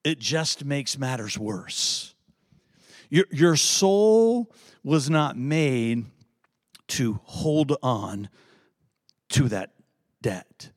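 A man's voice: mid-range voice, animated, extremely slow, pauses often, no room sound, studio quality. A man from preaching a conversational sermon, repeating words and tossing in frequent asides with folksy humor. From Virginia, US South. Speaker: pastor.

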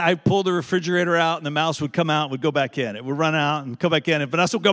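A middle-aged man preaching a sermon in a lively, conversational way, checking in with the congregation as he tells a story. His voice sits high for a man. The sound carries the long reverb of a large church hall. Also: racing, few pauses. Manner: animated, conversational, asks "right?" often. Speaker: pastor.

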